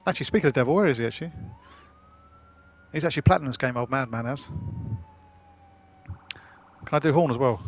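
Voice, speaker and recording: A man's voice: mid-range voice, fast, pauses often, a little hiss or hum. A man, streaming a driving game and bantering casually with friends, swearing as he goes. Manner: chatty, jokey banter with swearing. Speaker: gaming streamer. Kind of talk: casual live-stream commentary.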